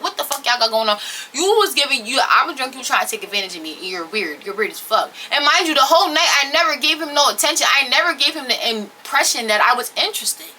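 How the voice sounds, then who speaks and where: A young woman tells a story in a casual vlog style, blunt and animated, swearing freely. Her voice is very bright and sharp and sits a bit high. A faint hiss of noise runs underneath. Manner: blunt, profane, animated retelling. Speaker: storytelling vlogger.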